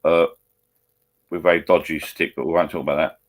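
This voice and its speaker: A man's voice: very deep voice, little pitch movement, moderate pace. A man with an Essex accent hosting a live stream from home, chatting in a rambling, blokey way. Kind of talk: casual banter over a video call. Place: at home beside a laptop.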